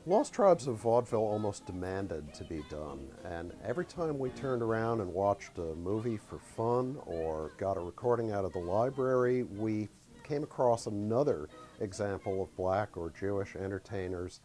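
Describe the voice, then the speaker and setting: Low mellow guy chatting on radio, easygoing. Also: lively intonation, normal speed. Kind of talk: radio talk about a production.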